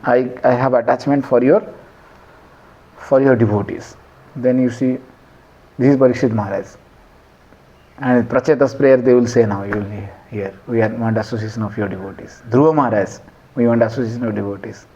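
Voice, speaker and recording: A man's voice: mid-range voice, steady tone, normal speed, long pauses, mellow, lo-fi sound. A man giving a devotional scripture class in a conversational way, quizzing listeners and chanting Sanskrit verses. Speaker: lecturer on scripture.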